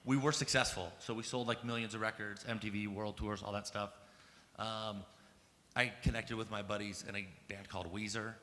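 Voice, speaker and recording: A man in his thirties with a bright, forceful voice gives a personal storytelling talk, swearing freely and filling his sentences with "like" and "um." His voice carries a long reverb from a large conference hall, and there is faint ambience behind it. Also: fairly low pitch, flat delivery, normal speed, slight background noise. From United States. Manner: casual and profane, heavy use of "like" and "um"; grows fired up and emphatic. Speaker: conference speaker.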